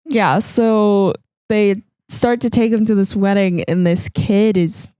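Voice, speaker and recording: A woman's voice: medium pitch, fairly even intonation, slow, warm tone, clean tone, dry recording. A woman co-hosting a podcast in casual chat, chatty and laughing often. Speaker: podcast co-host. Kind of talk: casual chat about a horror film.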